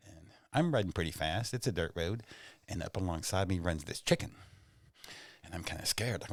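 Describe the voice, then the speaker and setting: Very low-voiced male comedian guest, animated rambler, dry close studio sound. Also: fairly quick, no echo. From Oklahoma, USA. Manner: animated, rambling, self-mocking. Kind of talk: casual storytelling and joke-telling. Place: podcast studio.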